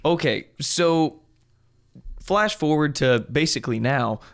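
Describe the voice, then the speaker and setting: A man's voice: on the high side, animated, takes it slowly. A man hosting a podcast, asking casual, conversational interview questions. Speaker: podcast host.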